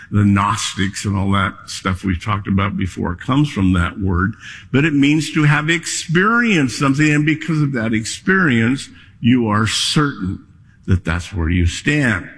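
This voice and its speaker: Slow, husky-voiced male preacher. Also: mid-range voice. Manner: measured, emphatic preaching. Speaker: pastor. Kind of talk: sermon. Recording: long hall reverb.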